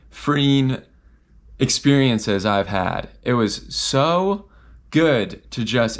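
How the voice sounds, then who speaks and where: A young man telling a personal story in a vlog, animated and full of fillers, acting out his own nervous inner voice. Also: medium pitch. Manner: many fillers and restarts.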